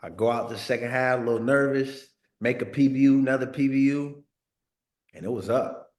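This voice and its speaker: A man's voice: mid-range voice, a little fast, a little mellow. A man in his thirties from Northern California tells a story as a guest in a sit-down interview. His voice sits in an ordinary middle range. He talks in laid-back slang, drops in "like" and "bro", and repeats words as he goes. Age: 30s. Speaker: former pro football player, guest.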